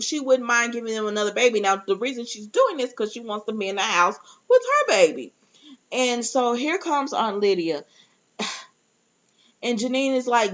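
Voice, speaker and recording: A young woman, recapping a TV episode in a casual, animated way, acting out quotes and laughing often. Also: a little high. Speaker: TV recap vlogger. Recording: slightly dull lo-fi audio.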